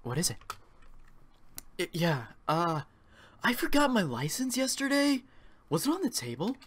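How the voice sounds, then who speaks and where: A man's voice: high voice, big pitch swings, unhurried, fairly bright tone, slight background noise, voice pushed up, heavily acted. A man voicing a brash young male friend who mocks and teases in a cocky way. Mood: casual. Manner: cocky, mocking.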